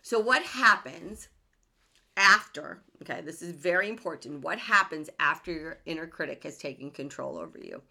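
A woman's voice: low-pitched, normal speed, gravelly, pushed and bright. A woman hosting a self-help podcast, speaking earnestly and emphatically and often asking rhetorical questions. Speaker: podcast host.

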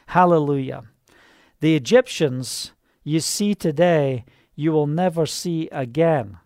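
A man's voice: fairly high pitch, slow pace, darkish tone, no echo, studio quality. A man preaching and praying fervently, proclaiming and breaking into hallelujahs. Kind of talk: charismatic sermon and prayer. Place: Israel.

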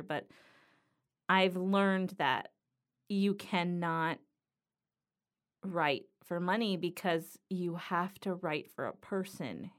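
Slow, earnest woman podcast host. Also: on the low side. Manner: earnest, reflective, slow and thoughtful. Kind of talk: solo podcast monologue.

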